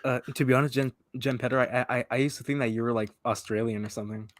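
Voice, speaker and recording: A young man chatting casually online, halting and repeating words as he talks. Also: mid-range voice, fairly even intonation, dry recording. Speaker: livestream guest. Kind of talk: casual chat.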